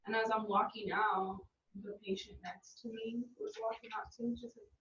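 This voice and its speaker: A woman's voice: on the high side, steady tone, normal speed, a bit bright. Woman student, rambling anecdote, off-mic in a roomy classroom. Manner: rambling, lots of "like". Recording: roomy, distant, lo-fi classroom audio.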